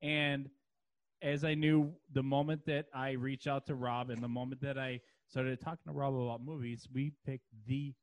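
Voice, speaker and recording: A man hosting a casual podcast, relaxed and chatty with his friends. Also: mid-range voice, moderate pace, no room sound. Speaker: podcast host. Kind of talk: casual chat.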